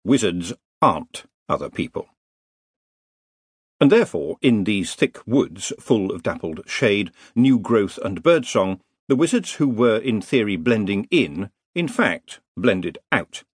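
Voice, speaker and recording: A man's voice: lowish voice, sing-song, a little slow, breathy edge, no room sound. A man narrating an audiobook in a wry, dry comic storytelling manner. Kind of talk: scripted narration.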